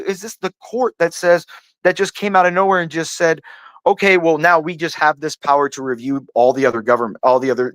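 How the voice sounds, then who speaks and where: Cursing as he goes, a panel host vents in a heated, casual political rant, meandering, repeating "like" and "dude," and stumbling over restarts once he's fired up. The recording has no echo, and his voice is fairly high and fairly bright.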